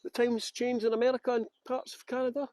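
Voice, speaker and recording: A Scottish tour guide with an extremely high, level, slightly mellow voice talks fast while live-streaming a walking tour through a garden outdoors. The recording is dry, and he greets viewers by name with jokey, self-mocking banter.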